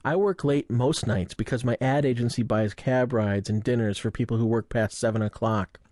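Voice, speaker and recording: A man's voice: medium pitch, fairly even intonation, normal speed, a little mellow, no room sound, studio quality. A young man narrating a first-person memoir in a wry, self-mocking, conversational way. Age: young adult. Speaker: audiobook narrator.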